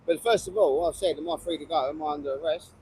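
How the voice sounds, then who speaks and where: A man telling an indignant story in a fast, animated street interview outdoors. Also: fairly high pitch, creaky, slightly rough, low-quality recording. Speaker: guest, fellow online streamer.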